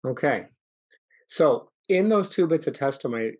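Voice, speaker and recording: A man leads a training session on public speaking in an upbeat coaching tone. His pitch jumps around as he demonstrates and encourages. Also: animated, moderate pace, husky. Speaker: training presenter. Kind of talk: online training talk.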